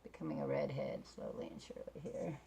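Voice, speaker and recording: This middle-aged vlogger speaks briskly in a dark tone, with a little hiss or hum in the recording. Chatting casually to camera, she rambles, jokes at her own expense and laughs a lot.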